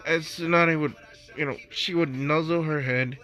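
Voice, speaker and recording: A man's voice: a little high, steady tone, normal speed, sharp tone. A young man casually narrating an improvised fan story, rambling with restarts, over faint music.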